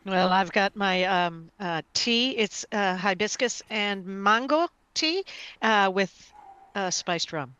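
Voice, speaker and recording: A woman's voice: medium pitch, expressive, slow, pushed and bright, smooth, no echo, lo-fi sound. A woman introducing herself as a player in a tabletop game, friendly and easygoing with lots of fillers. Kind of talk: casual self-introduction.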